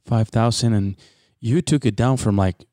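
A male host with a fairly low voice asks questions and reacts with brief comments. The sound is close and dry, with no room echo. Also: normal speed, dark tone. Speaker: podcast host. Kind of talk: interview questions.

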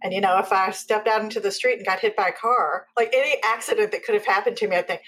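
A woman in her fifties, a guest author chatting in an interview, telling animated stories and acting out quoted lines. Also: medium pitch, quick pace, slight background noise, rough recording. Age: 50s. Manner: animated storytelling, acts out quotes. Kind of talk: casual interview chat.

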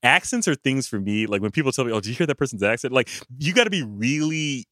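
A man co-hosting a podcast, talking about films casually with halting restarts and frequent laughs. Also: medium pitch, animated, a bit bright, dry recording, studio quality. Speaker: podcast co-host. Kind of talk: casual film discussion.

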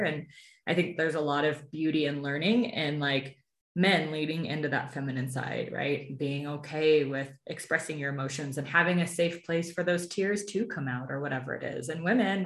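Female podcast host, conversational, slightly low pitch, reverberant room. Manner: warm, conversational, tags phrases with "right?". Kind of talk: casual interview chat.

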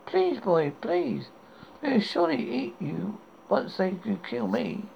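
A man voicing a menacing witch who pleads and threatens, in a gravelly voice. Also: high voice, wildly swooping pitch, slow pace, voice pushed up, full character voice. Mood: coaxing. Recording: dull lo-fi recording with faint hiss.

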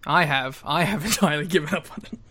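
A man's voice: a little high, fast, pushed and bright. A man, co-hosting a podcast in laid-back, laughing chat. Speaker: podcast co-host. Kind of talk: casual chat.

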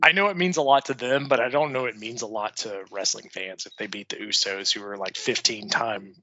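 Young man, podcast co-host, bright forceful voice, dry lo-fi mic. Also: lowish voice, brisk. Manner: opinionated, profane, chuckling. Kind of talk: casual podcast chat.

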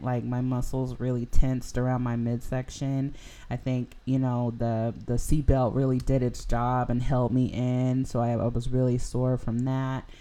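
With a very deep, mellow, smooth voice, a young podcast host rambles through a personal story, her speech loose and sprinkled with "like" and "you know."

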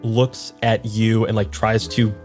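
A man's voice: lowish voice, level tone, slow, darkish tone, soft background music. A man narrating a tabletop role-playing scene as game master, casual and vivid, with frequent fillers.

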